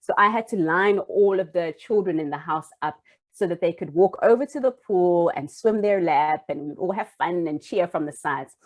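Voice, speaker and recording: A woman's voice: lowish voice, moderate pace. A young adult woman and former primary school teacher telling a personal story in an earnest, heartfelt way, with small restarts.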